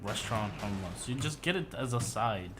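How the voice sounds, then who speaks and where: A man's voice: on the low side, expressive, normal speed, music in the background. A man in an online group voice chat who talks bluntly and sarcastically and swears a lot. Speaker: voice chat participant.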